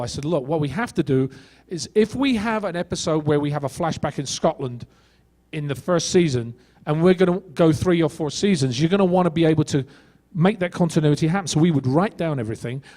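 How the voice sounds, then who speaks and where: Brief: middle-aged male actor, raised pitch, lively panel storyteller voicing quoted dialogue. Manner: animated storyteller who acts out quoted dialogue. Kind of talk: convention panel anecdote.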